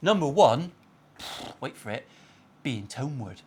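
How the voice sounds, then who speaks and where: Animated sweary man ranting. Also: medium pitch, measured pace, a little hiss or hum. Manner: profane, blunt, sweary ranting. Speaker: luthier and channel host. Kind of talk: casual opinion rant vlog. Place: workshop.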